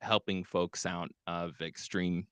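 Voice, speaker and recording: Brief: low-voiced, relaxed male host, dry close sound, rambling call-in banter. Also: takes it slowly, smooth, no echo. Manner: laid-back, rambling, with fillers. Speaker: show host. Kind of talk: casual call-in show chat.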